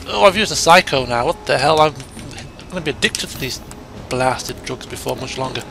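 A man with a gravelly voice giving excitable let's play commentary, dropping to mutters and then bursting into shouts, with game music behind. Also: mid-range voice, brisk, slight background noise. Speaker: gamer. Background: game music and sound effects.

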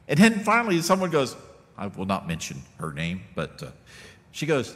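A middle-aged male pastor gives a sermon in a relaxed, folksy manner. His voice swings widely in pitch as he talks to the congregation. The sound rings with the long reverb of a church sanctuary. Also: moderate pace. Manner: folksy, conversational preaching with many asides.

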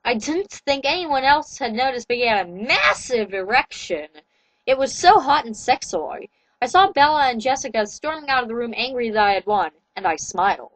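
A woman giving a comedic, deadpan reading of fan fiction, with wry asides. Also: a little high, normal speed, dry recording, poor audio. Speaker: reader.

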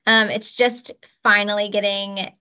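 A woman's voice: medium pitch, little pitch movement, a little slow, bright, forceful tone, clear, resonant tone. Woman, thirties, child life specialist, interview guest, step-by-step explanations, slightly muffled recording. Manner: practical, explains with step-by-step examples. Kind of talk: podcast interview.

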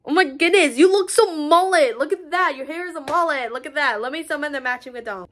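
A young woman chatting excitedly in a casual vlog, rambling with lots of fillers. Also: high-pitched, a little fast. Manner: excitable, rambling, frequent "so basically". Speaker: vlogger.

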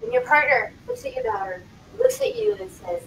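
A woman's voice: very high-pitched, very animated, fairly quick, fairly bright tone, echoey room. A middle-aged woman, a guest on a talk show, telling her personal story dramatically and acting out the dialogue. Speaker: guest, wellness coach. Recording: distant mic, clear background noise.

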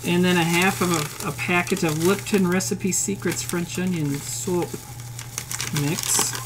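A woman's voice: lowish voice, steady tone, unhurried, background noise. Woman, Northern Plains Midwestern accent, casual cooking stream chat, profane and blunt, faint sizzling behind her. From Upper Midwest, United States. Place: home kitchen with food frying. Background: faint sizzling and frying.

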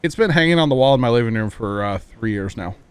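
A man's voice: medium pitch, lively intonation, fast, clear, resonant tone. A man streaming a game live, chatting casually and thanking viewers, easygoing and reflective. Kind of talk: casual livestream chat.

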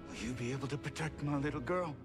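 A man's voice: on the high side, fast talker, close to an everyday voice. An actor playing a grave, pleading fighter and father in a video game cutscene, heard through game audio with music. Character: desperate middle-aged male fighter and father.

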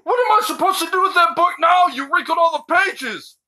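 A woman's voice: extremely high pitch, lively intonation, brisk, bright, forceful tone. A woman coaxing and teasing her grandmother in a comedy video, pleading with her to keep reading. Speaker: family member coaxing the grandmother. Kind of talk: casual comedic banter.

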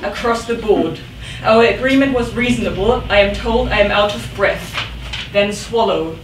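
A woman's voice: mid-range voice, moderate pace, background noise. Woman poet reading, echoey and distant. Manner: dramatic, rhythmic reading with sudden outbursts. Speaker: poet reading her work. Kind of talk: live poetry reading. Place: event room. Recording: echoey room, mic at a distance.

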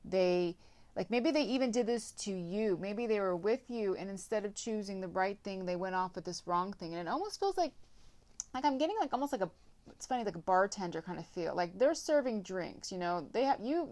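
A woman's voice: medium pitch, animated, normal speed, darkish tone. A woman giving a casual tarot reading, rambling with lots of filler words and some blunt swearing. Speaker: tarot reader.

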